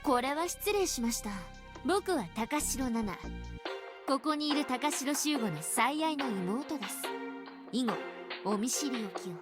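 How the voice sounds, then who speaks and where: A woman's voice: high voice, lively intonation, a little fast. A woman voicing a playful, boyish young woman with a theatrical, teasing manner in a visual novel. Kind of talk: Japanese visual novel voice acting. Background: game background music.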